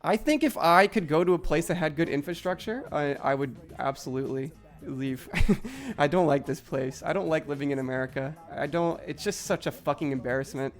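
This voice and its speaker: A young man with a high voice, chatting casually on a live stream. He rants with frustration, swears often and fills his talk with "like". Faint music plays under him. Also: brisk. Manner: frustrated ranting, heavy swearing, many "like" fillers. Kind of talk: casual live-stream chat while gaming.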